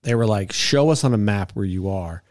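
Low-voiced man telling a rambling story. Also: normal speed, darkish tone, no room sound, studio quality. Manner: rambling, repeats words, acts out quotes. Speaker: podcast host telling a story. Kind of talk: casual storytelling chat.

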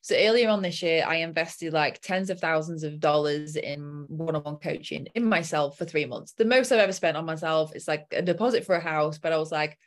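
A woman's voice: deep voice, a little fast, few pauses. A young adult woman coach telling a personal story in a casual chat and acting out her own inner voice.

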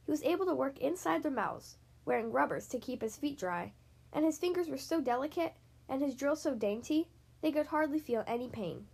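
A woman reading a children's picture book aloud, slowly and expressively. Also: high-pitched, animated, gravelly, darkish tone. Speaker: reader.

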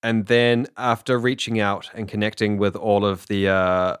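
A man's voice: on the low side, smooth, dry recording, clean studio sound. A man playing a tabletop game, casually stating his character's actions. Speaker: player.

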